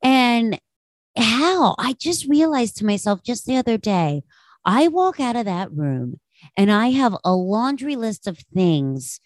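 A woman's voice: a little high, big pitch swings, takes it slowly, no echo, studio quality. A woman hosting her own podcast, telling a candid, self-deprecating personal story in a casual monologue and swearing freely. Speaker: podcast host.

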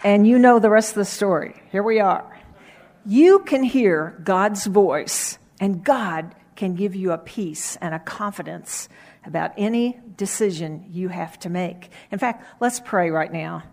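Woman, middle-aged, children's pastor, lively Bible storytelling for kids, ends in gentle prayer. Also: medium pitch, measured pace, faint music behind.

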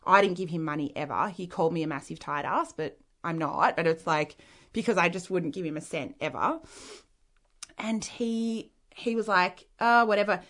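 A woman's voice: lowish voice, moderate pace, fairly bright tone. A woman with an Australian accent, an interview guest telling a personal story in a frank, rambling way with many "like" fillers.

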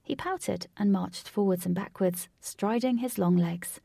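A woman narrating a storybook in a steady, expressive reading voice. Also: mid-range voice, a little slow, creaky, no echo, clean studio sound. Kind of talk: storybook read-aloud narration.

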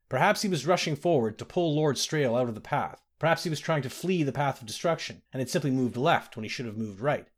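A man with a mid-range voice narrates a fantasy audiobook, telling the story in a steady, dramatic manner.

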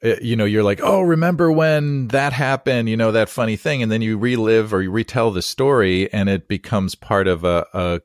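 A pastor hosting a relaxed podcast talk, telling meandering stories in a low, unhurried voice. He chuckles often and circles back on his words. The sound is dry and close. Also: dry recording. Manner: rambling storyteller who acts out quotes and laughs easily. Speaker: podcast host and Presbyterian pastor. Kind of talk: conversational interview. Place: San Diego area.

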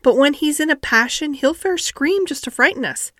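A woman's voice: high-pitched, lively intonation, moderate pace, bright, forceful tone, no room sound, clean studio sound, pitched above the performer's own voice. A woman voicing an anxious young maid with a broad Yorkshire accent. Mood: worried. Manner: fretful, broad dialect.

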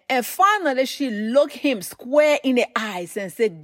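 A woman preaches with a high, bright voice. She tells stories and drives her points home by repeating them. The recording is dry and close, with no room sound. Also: big pitch swings, unhurried, hardly any pauses, no room sound. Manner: storytelling with emphatic repetition. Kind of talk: sermon.

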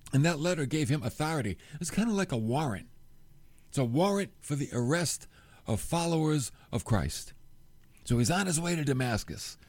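A middle-aged man preaching a sermon, telling the story with animated delivery and acting out the quoted lines. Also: on the high side, no echo. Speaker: pastor.

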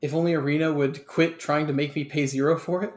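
A man's voice: on the high side, steady tone, fast talker. Dry-joking man in an echoey room. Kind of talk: casual chat. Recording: roomy echo.

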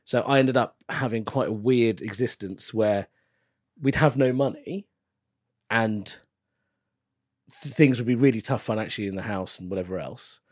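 A man, a stand-up comedian, chatting casually as a podcast guest and telling stories in a lively way. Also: on the low side, moderate pace, no room sound, clean studio sound. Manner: animated storytelling with frequent laughs.

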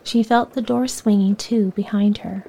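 A woman reading a children's bedtime story aloud in a soft voice that often sinks near a whisper. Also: medium pitch, steady tone, moderate pace, low-quality recording.

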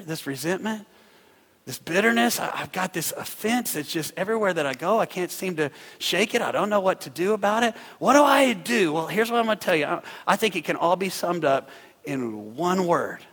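A male pastor preaching a sermon, swinging from quiet, hushed passages up to fervent shouting. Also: sits high, moderate pace, breathy edge, in a large hall. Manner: preaching with big swells to shouting and drops to hushed tones. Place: church hall.

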